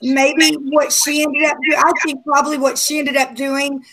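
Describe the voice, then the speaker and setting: High-voiced chatty woman hosting. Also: level tone, normal speed, fairly bright tone. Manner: chatty, relays viewer comments. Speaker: book club host reading questions. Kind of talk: casual group chat over video call.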